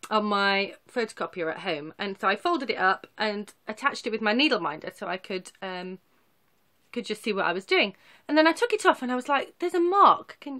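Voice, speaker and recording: A woman's voice: medium pitch, a bit bright. A woman in her thirties talking casually to camera, showing her cross-stitch projects in a rambling, self-deprecating way. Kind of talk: casual chatty show-and-tell.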